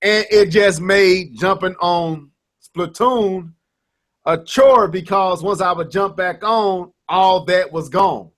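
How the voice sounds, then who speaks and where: A man's voice: high-pitched, takes it slowly, fairly bright tone. A man in his thirties co-hosting a gaming podcast, telling stories animatedly with lots of restarts and quoted banter. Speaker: podcast co-host. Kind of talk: casual gaming podcast chat.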